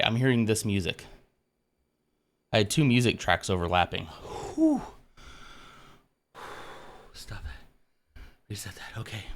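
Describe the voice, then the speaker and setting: A man hosting a casual live stream, chatting with viewers and out of breath from exercise. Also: on the low side. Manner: chatty, self-mocking, greets viewers by name. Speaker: livestream host.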